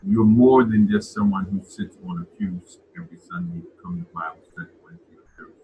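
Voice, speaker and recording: A man's voice: deep voice, fairly quick, narrow, tinny audio, noisy background. Man preaching with repeated words. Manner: repeats words as he builds a point. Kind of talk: sermon.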